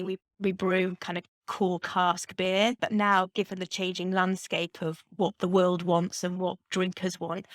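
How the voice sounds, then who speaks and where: Geordie businesswoman, confident interviewee, mid pitch, dry recording. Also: no room sound. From Newcastle, England. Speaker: brewery chief executive, guest.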